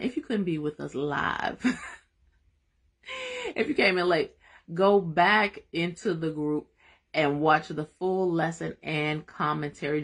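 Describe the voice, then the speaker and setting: A woman hosting a live-streamed Bible study, excitable and emphatic in a folksy way, drifting into soft prayer. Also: deep voice, breathy edge.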